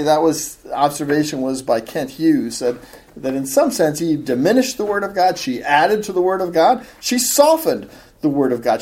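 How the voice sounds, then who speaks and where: A woman's voice: low-pitched, warm tone. A woman teaching a Bible study in an earnest, explanatory way, reading from commentators.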